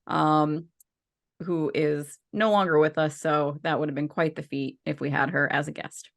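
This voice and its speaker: Podcast co-host, female, low-pitched, chatty and loose, lots of ums and restarts. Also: fairly even intonation, moderate pace, creaky. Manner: chatty, rambling with many fillers and restarts. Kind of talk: casual podcast chat.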